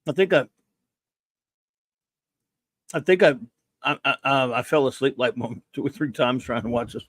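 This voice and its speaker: A man's voice: medium pitch, normal speed, a bit bright, no room sound. A man hosting a podcast, chatting casually with dry, mumbled asides. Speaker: podcast host. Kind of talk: casual review chat.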